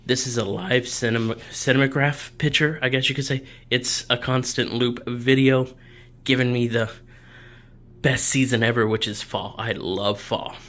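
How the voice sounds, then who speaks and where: A man's voice: mid-range voice, fairly even intonation, normal speed, fairly bright tone. A young man, casually touring his home office in a vlog, his breathing audible as he talks.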